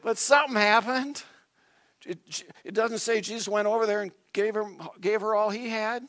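A man with a notably high voice preaches a sermon to his congregation. He talks in a conversational, animated way and often breaks off for dramatic asides. His loudness swings from soft, intimate remarks to emphatic lines. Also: normal speed. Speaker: pastor.

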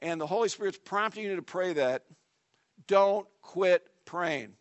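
A male pastor preaching a sermon in an animated, conversational way, with dramatic asides to the congregation. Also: sits high, measured pace, lo-fi sound.

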